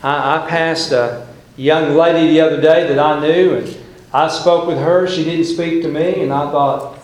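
A middle-aged man preaching a sermon as pastor, telling folksy stories with dramatic pauses. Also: a little high, fairly even intonation. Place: church sanctuary. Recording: echoey church hall.

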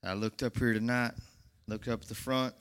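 A nervous man's church testimony grows into fervent preaching, his Southern country speech swelling to shouts. His mid-range voice is clear and resonant, with a steady tone at normal speed, echoing with long reverb through the church sanctuary.

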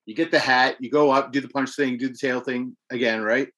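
A man's voice: mid-range voice, brisk. Casual male co-host, loose storyteller, salty language. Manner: swearing, animated storytelling about games. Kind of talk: casual chat.

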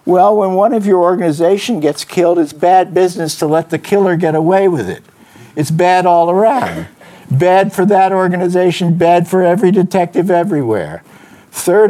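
A man reading aloud and voicing a bitter, cornered male detective with a hoarse, clipped, forceful delivery. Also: medium pitch, natural voice.

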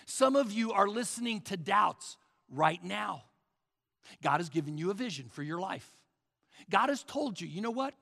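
A man's voice: sits high, expressive, unhurried, gravelly, sharp tone, in a large hall. A male pastor preaching a sermon with emphatic repetition, often addressing the crowd as folks.

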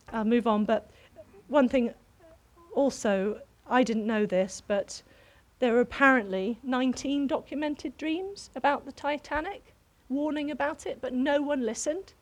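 A woman with a high voice gives a sermon. She tells a personal story in a lively way, and her laughter keeps breaking through. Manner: animated, bursts into laughter while telling a story. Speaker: preacher.

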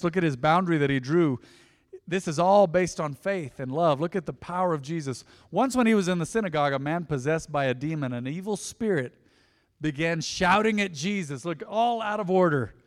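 A man preaching in a church, his fairly high voice carried by a long reverb. He's an emphatic pastor who swings from loud peaks into near-whispered drops. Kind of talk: sermon. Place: church sanctuary.

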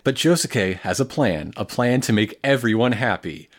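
A man trading jokes as a podcast co-host, with a sarcastic edge. His pitch swings up and down a lot, and he breaks into laughter often. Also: animated, normal speed. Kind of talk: casual chat.

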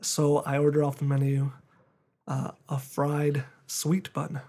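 A man's voice: on the high side, completely flat delivery, slow pace, dark tone. A young man, a podcast co-host getting over a cold, telling a story in casual chat and filling it with "like". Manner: rambling storyteller, heavy use of "like".

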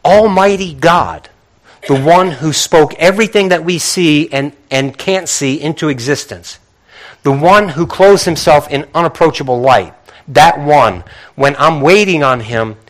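A man preaching a sermon, reading scripture quietly and then building to emphatic, repeating rhetorical questions. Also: a little high, unhurried. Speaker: pastor.

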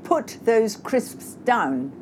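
A woman's voice: on the high side, big pitch swings, very slow, slight background noise, pitched above the performer's own voice, full character voice. A woman voicing an adult son, curt and emphatic with his sisters. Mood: firm. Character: adult son, firm, protective twin brother.

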